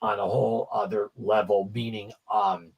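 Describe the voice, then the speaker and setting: Gravelly, rambling man chatting on a livestream. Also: fairly low pitch, level tone, normal speed. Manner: rambling, stammering, swears freely. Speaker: livestream co-host. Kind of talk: casual chat about music.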